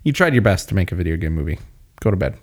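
A man's voice: low-pitched, sing-song, rapid-fire. A man in casual chat, an opinionated movie fan who talks at length and hiccups a little.

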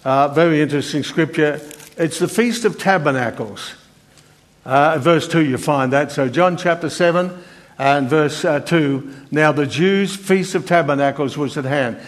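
Older male preacher, fairly high voice. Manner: earnest, halting, with many fillers and restarts. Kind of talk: sermon with scripture reading.

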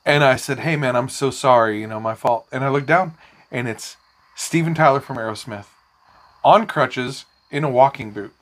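A man co-hosting a podcast rambles through a long story at normal speed, his voice medium-pitched. The chat is casual, the swearing unrestrained, and the anecdotes lively.

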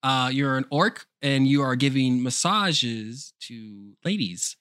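A man co-hosting a podcast in casual chat, animated, laughing often and swearing freely. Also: medium pitch, slow pace, clear, resonant tone, no echo, clean studio sound. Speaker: podcast co-host.

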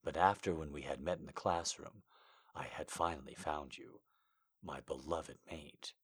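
A man voicing a tender young werewolf alpha who talks in a breathy, hushed murmur, within a comedic reading of amateur fiction. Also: a bass voice, moderate pace, pitched below the performer's own voice, heavily acted.

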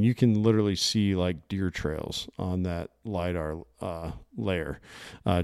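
A man's voice: low voice, darkish tone, clean tone, no room sound, clean studio sound. A man hosting a podcast, talking in an enthusiastic, rambling way. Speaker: podcast host. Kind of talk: casual podcast interview.

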